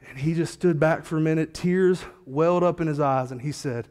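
A man's voice: a little high, a little fast, hardly any pauses, a little mellow, smooth, long reverb tail. A man preaching a sermon as a pastor, telling a story in a casual, slangy, conversational way.

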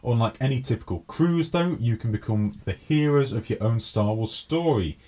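A man's voice: mid-range voice, expressive, normal speed, dark tone. Man, podcast co-host, casual banter, reads news aloud, jokey skits, mid-range voice. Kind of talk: casual chat.

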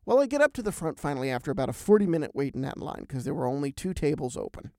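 A man hosting a podcast, telling a travel story in a lively, animated way with big swings in pitch and loudness. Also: rapid-fire, creaky, no echo, clean studio sound. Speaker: podcast host. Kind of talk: casual storytelling chat.

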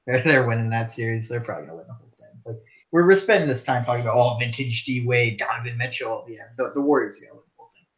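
A young man co-hosting a podcast, talking sports bluntly and quick to disagree, with stammered restarts. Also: medium pitch, animated, fairly bright tone. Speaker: podcast co-host. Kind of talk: casual sports chat. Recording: dull lo-fi audio.

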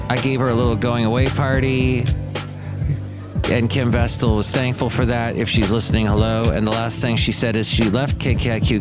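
Rambling wry male podcast host. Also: medium pitch. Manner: wry, self-deprecating, puts on quick silly voices. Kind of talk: rambling solo podcast monologue. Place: Bay Area.

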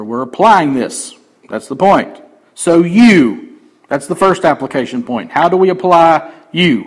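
A man pastor preaching a sermon emphatically, swinging between loud declarations and quiet asides. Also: a little high, poor audio.

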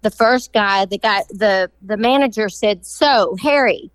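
A woman's voice: mid-range voice, fairly even intonation, a little slow, clear, resonant tone, no room sound, rough recording. Playful woman telling jokes. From Texas. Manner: playful storyteller. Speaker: podcast co-host. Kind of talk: casual joke telling.

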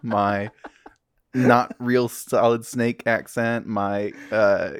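A man's voice: lowish voice, level tone, drawn-out words, smooth, dry recording, studio quality. A man in his thirties hosting a casual podcast chat, joking and self-deprecating, laughing often. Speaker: podcast host.

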